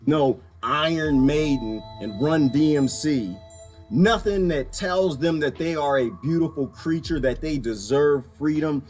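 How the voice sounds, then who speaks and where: A man from Washington, D.C. giving an animated, ranting commentary, laughing often as he reacts to clips. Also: fairly high pitch. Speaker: political commentary vlogger.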